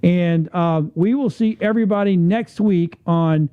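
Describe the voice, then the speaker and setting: A man's voice: high voice, measured pace, clear, resonant tone, no room sound, phone-quality sound. Chatty man hosting a business show. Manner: chatty, rambling, repeats himself. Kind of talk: casual interview chat.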